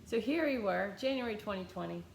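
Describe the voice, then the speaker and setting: Blunt, animated middle-aged American woman vlogger, casual storytelling, roomy sound. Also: mid-range voice, a little fast, gravelly, a little hiss or hum. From United States. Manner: blunt, animated, swears freely.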